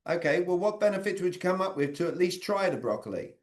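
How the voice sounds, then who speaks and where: A man's voice: high voice, sing-song, fast talker, few pauses. A man leading an interactive online training talk on sales communication, quizzing his audience by name over a video call.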